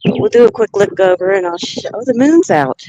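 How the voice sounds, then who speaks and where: A woman's voice: mid-range voice, lively intonation, fairly quick, mellow, lo-fi sound, slight background noise. A woman vlogging outdoors on a mountain trail, chatting and thinking aloud into a handheld camera as she hikes. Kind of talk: casual walking vlog narration.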